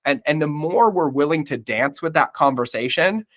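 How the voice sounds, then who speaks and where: A man's voice: fairly high pitch, animated, moderate pace, a bit bright. Blunt, swearing man on a podcast. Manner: blunt, swears often, emphatic; calls the listener "bro". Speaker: podcast guest, entrepreneur. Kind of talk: candid podcast conversation.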